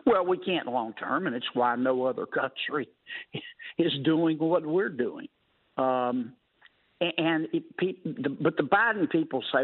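A man's voice: a little high, animated, measured pace, husky, no room sound. A man, a senator guesting on a talk radio show, talking in a folksy, wry way with colorful sayings. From Louisiana. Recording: phone-line call-in.

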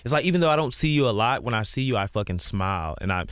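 A man's voice: lowish voice, lively intonation, quick pace, a bit bright, clear, resonant tone, dry recording, studio quality. A male musician on a casual podcast interview, talking in an earnest, rambling way with lots of "like". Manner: earnest, rambling, heavy use of "like". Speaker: guest musician.

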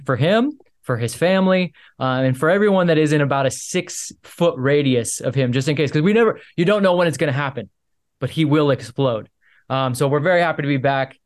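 A fairly high-pitched man co-hosting a laid-back sports podcast. He teases his partner playfully and often restarts his sentences with fillers. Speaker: podcast co-host. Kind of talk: casual sports podcast chat.

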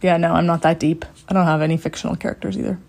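A woman co-host chats casually, keeping her answers short and breezy. Her voice sits a little on the low side. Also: flat delivery, racing, creaky, a little mellow. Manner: breezy, brief answers with laughs. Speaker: podcast co-host. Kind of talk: casual chat.

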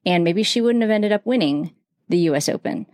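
A woman's voice: on the low side, animated, fairly quick, no echo. Chatty woman host, dry close sound. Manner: warm, affirming, chatty with many fillers. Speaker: podcast host, interviewer. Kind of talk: casual interview chat.

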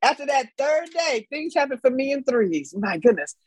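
A woman in her sixties from Los Angeles, telling her life story as a podcast guest in a frank, animated way and laughing often. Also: high-pitched, normal speed, no room sound, rough recording. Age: 60s. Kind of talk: candid storytelling.

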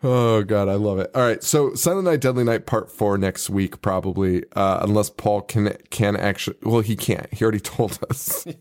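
A male podcast co-host retells a movie in loose, casual chat. He laughs through his sentences, swears freely, and slips into quick impressions of the characters. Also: lowish voice, a little mellow. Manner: laughs often, swears, acts out quotes.

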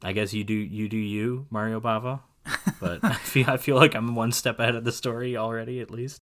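A man co-hosting a casual film podcast, rambling through his points with frequent laughs and animated asides. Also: medium pitch, a little fast. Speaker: podcast co-host.

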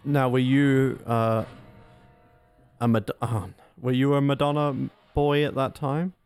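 A man's voice: mid-range voice, little pitch movement, takes it slowly, a little mellow, clean tone, soft background music. A young man co-hosting a casual film commentary podcast, groaning and making sarcastic complaints as he watches. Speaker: podcast co-host.

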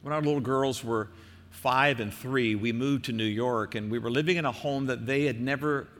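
Older male pastor, earnest exhorting sermon delivery, mid pitch, big reverberant church hall sound. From American Midwest. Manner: earnest, exhorting, slows and softens for emphasis.

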